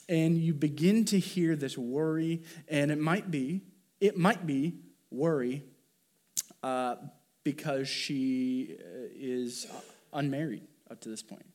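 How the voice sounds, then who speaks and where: A male pastor with a somewhat high voice preaches in a loose, conversational way. He thinks aloud, circles back and adds asides as he goes. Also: slow, a little mellow. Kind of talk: conversational sermon.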